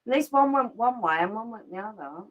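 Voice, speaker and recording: Husky woman with dry asides. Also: on the high side, expressive, brisk, muffled recording. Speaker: co-host. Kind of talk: casual live-stream chat. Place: home sitting room.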